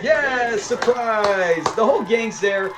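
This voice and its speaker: A man's voice: high voice, expressive, slow, a crowd in the background. A man hosting a casual episode breakdown, talking in an enthusiastic, rambling fan style. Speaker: host of a show-review channel.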